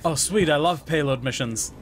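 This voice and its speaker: A man's voice: fairly high pitch, normal speed. A young man chatting casually while playing a team shooter, joking around and swearing freely. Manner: joking, swears freely, sings and mimics game lines. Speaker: gaming channel host. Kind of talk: casual gameplay chat.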